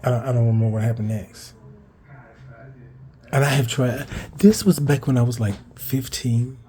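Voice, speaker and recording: A man casually telling a personal story, rambling and cursing, with restarts and higher-pitched acted-out quotes. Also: moderate pace, mellow. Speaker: vlogger telling a childhood story.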